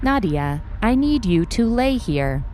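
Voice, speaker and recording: Woman doing a calm polite robot nanny, soothing electronic tone, measured. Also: mid-range voice, a little hiss or hum, pitched above the performer's own voice. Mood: urgent. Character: calm household robot caretaker, soothing yet urgent. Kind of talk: audiobook reading.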